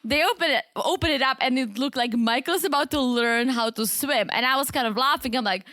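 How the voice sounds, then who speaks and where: A woman's voice: high-pitched, fairly quick, fairly bright tone, dry recording, clean studio sound. A young woman, co-hosting a casual podcast chat, restarting her sentences and laughing often. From Czech Republic. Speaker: podcast co-host.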